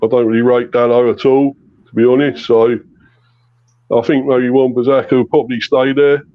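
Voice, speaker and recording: A man's voice: medium pitch, level tone, normal speed. A man with a Mancunian accent on an online call, jokey and laughing often as he chats football. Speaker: guest panelist. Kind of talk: casual football chat. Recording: dull lo-fi call audio.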